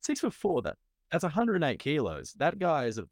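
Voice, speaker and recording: A man's voice: fairly high pitch, wildly swooping pitch, brisk, no echo, clean studio sound. A man co-hosting a casual podcast, reacting bluntly and swearing freely. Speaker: podcast co-host. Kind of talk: casual chat.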